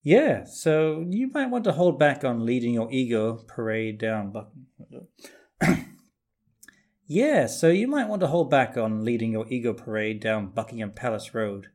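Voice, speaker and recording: A man's voice: mid-range voice, very animated, unhurried, darkish tone. This is a dry, sardonic man in an audio drama. His voice sits in a plain middle range and stays wry throughout. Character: sardonic man warning someone off. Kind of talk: audio drama line reading.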